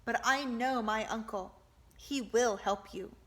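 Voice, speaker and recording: A woman's voice: on the high side, slow pace. A woman reading an audiobook, voicing an earnest, defiant teenage boy who speaks emphatically. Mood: earnest, emphatic.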